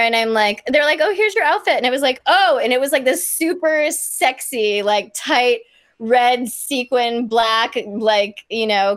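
Chatty young woman from Kansas, fairly high voice, filler-heavy guest storyteller, dry close sound. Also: no room sound. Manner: bubbly, lots of "like" fillers. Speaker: guest performer. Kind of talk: casual storytelling.

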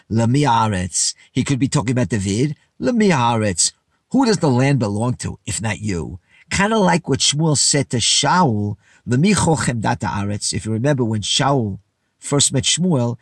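A man's voice: medium pitch, husky, dry recording, clean studio sound. A man teaching a Bible lesson verse by verse in a casual, explanatory way, reading Hebrew phrases and translating them into English.

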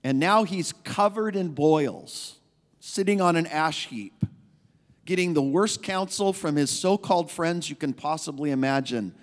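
A man's voice: on the high side, animated, unhurried. A male pastor preaching a sermon in a conversational, emphatic way, repeating key phrases. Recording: long reverb of a large hall.

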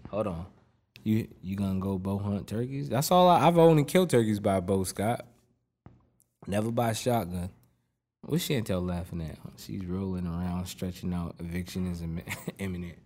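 A man's voice: sits low, moderate pace, a little mellow. A man, co-hosting a casual chat, joking and teasing with frequent laughs. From North Carolina.

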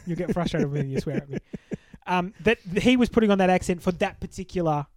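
A man's voice: high voice, expressive, fast, a little mellow, dry recording. A man co-hosting a casual movie-review podcast, blunt and sarcastic, swearing freely as he rants. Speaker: podcast co-host.

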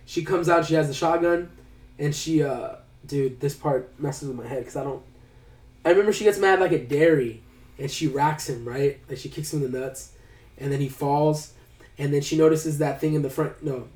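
A man's voice: fairly high pitch, moderate pace, darkish tone. Rambling man recapping a movie, echoey. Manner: rambling, hesitant storytelling with many fillers. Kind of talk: casual movie recap chat. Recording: roomy sound, a bit far from the mic.

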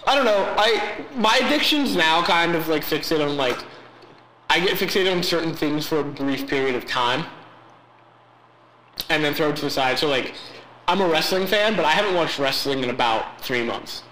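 A man's voice: a little high, expressive, moderate pace, bright, forceful tone. A young man co-hosting a casual podcast, rambling and chatty with frequent laughs. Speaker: podcast co-host. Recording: echoey room with background noise.

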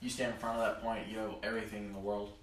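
A man's voice: lowish voice, level tone, rapid-fire. A young man chatting as a guest, telling his story in lists with fillers. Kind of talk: casual chat. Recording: roomy, distant mic with clear background noise.

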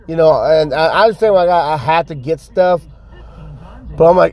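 A man's voice: fairly high pitch, moderate pace, darkish tone. Profane man ranting in a car. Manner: profane, venting, repetitive. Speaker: podcast host. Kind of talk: casual ranting monologue.

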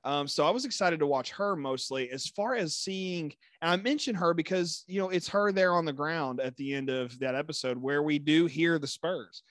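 A man co-hosting a podcast in casual chat, playful and excitable with jokey asides. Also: fairly high pitch, moderate pace, hardly any pauses, no room sound, clean studio sound. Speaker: podcast co-host.

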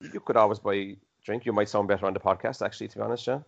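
A man's voice: lowish voice, steady tone, creaky, muffled recording. A man with an Irish accent co-hosting a podcast in casual, teasing banter. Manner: rapid, teasing, dry. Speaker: podcast co-host.

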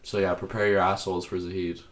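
A man's voice: deep voice, level tone, fast. A young Irish man in his twenties co-hosting a podcast, joking crudely and laughing often. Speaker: podcast co-host. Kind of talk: casual chat. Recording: roomy echo.

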